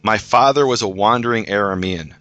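Bright-voiced man explaining patiently. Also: lowish voice, brisk, no room sound, highs cut off. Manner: patient, explanatory, with frequent restarts. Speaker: guest teacher of Hebrew scripture. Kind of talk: casual explanatory discussion.

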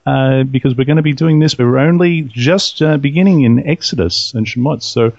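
An Australian man hosting a radio program, chatty and upbeat, with a husky voice. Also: medium pitch, moderate pace, a little mellow, no echo, muffled recording. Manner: upbeat, chatty, laughs easily. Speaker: radio show host. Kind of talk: casual radio talk.

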